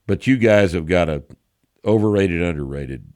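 A man's voice: low voice, lively intonation, normal speed, a little mellow, dry recording, studio quality. A man hosting a casual podcast chat, blunt and opinionated, with some profanity. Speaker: show host.

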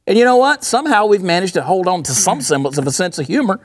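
A man co-hosting an opinionated political talk show, sarcastic and mocking, swinging between loud jabs and low asides. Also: very animated, quick pace, no echo, studio quality. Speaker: co-host.

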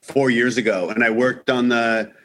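A man from Canada talks as a guest comedian, his mid-range voice tumbling through restarts and acted-out quotes. The chat is loose and animated, with a quick storyteller's energy. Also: mid-range voice. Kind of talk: casual podcast chat.

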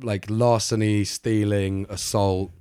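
Man, low voice, dry close mic, casual podcast chat, chatty and filler-heavy. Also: level tone, mellow, clean tone, dry recording. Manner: chatty storyteller, filler-heavy, quick to laugh. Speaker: podcast co-host.

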